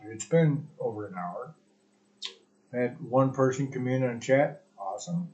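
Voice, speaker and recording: A man's voice: mid-range voice, unhurried, darkish tone, muffled recording. A man hosting his own live stream podcast alone, talking in a crude, profane, rambling and sarcastic way. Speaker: podcast host. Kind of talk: solo live stream chat.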